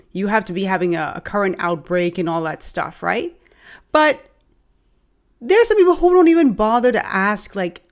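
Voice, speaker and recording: Frank Bahamian woman host commenting. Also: medium pitch. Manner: direct, frank, talks straight to viewers. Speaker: host reacting to a clip. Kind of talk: commentary to viewers.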